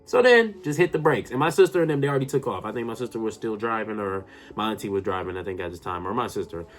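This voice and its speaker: A man telling a personal story to his viewers in a casual, excitable way, often addressing them directly. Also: fairly low pitch, fast talker, faint music behind. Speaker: storytime YouTuber.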